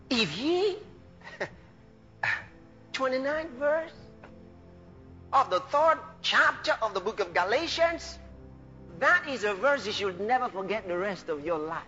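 A man preaching a fervent sermon, laughing and bursting into shouts of praise. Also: extremely high pitch, animated, unhurried, long pauses. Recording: dull lo-fi recording with faint music.

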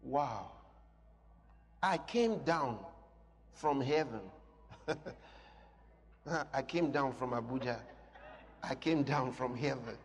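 A man preaching a sermon with emphatic delivery that builds to shouts and slows on key phrases. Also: medium pitch, slightly rough, long reverb tail. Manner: emphatic, rising to shouts, slow drawn-out phrases.

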